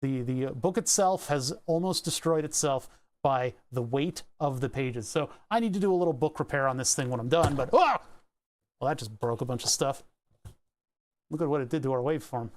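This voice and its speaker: A man's voice: medium pitch, a little fast, darkish tone. A man streaming live and chatting casually, reading excerpts aloud and musing over them, with the odd swear. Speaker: livestreamer.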